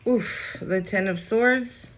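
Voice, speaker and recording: The tarot reader has a mid-range voice and speaks slowly, with background noise in the recording. She gives her audience a casual, animated reading, swearing freely and peppering it with "okay?" and "right?".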